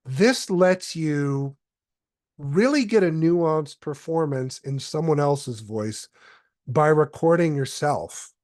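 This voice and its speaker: A man presenting a step-by-step software tutorial, explaining calmly with occasional fillers. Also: on the high side, takes it slowly, dry recording, clean studio sound.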